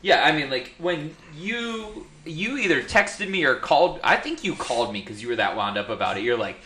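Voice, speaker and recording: Laid-back joking podcast host. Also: male voice, fairly high pitch, moderate pace. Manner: relaxed, joking, steers the talk. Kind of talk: casual film chat.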